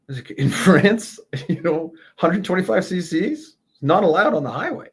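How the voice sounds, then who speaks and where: Animated man telling road stories. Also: high voice, moderate pace, hardly any pauses, breathy edge. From Canada. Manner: lively, animated anecdote-telling with laughs and swearing. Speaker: guest. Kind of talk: casual storytelling interview.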